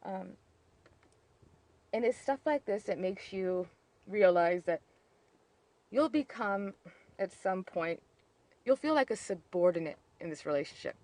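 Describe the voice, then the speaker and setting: A woman's voice: mid-range voice, lively intonation, measured pace, long pauses, a little mellow, no room sound. Woman vlogger, candid storytelling, emotional, lots of fillers and restarts. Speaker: vlogger on narcissistic abuse.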